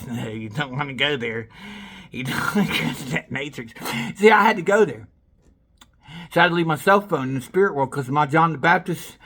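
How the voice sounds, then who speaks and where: Boastful high-voiced man, laughing often. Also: fairly bright tone. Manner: swears freely, jumps between topics. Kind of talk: rambling self-filmed monologue.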